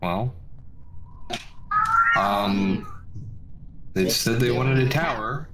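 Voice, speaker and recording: A man's voice: mid-range voice, very slow, heavy background noise. A man playing in a tabletop game, joking and rambling casually. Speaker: player.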